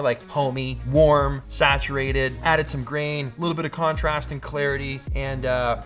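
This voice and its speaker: A Canadian man in his thirties, casually talking through photo edits in an upbeat, joking vlog style. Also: mid-range voice. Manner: upbeat, joking, goes off on tangents. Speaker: photo-editing YouTuber.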